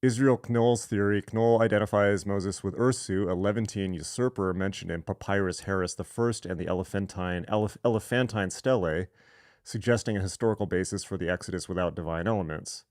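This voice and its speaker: A man's voice: low-pitched, fairly quick, a little mellow, dry recording, clean studio sound. A man hosting a live online lecture, reading sources aloud and breaking off for irreverent, sarcastic comments. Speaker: host.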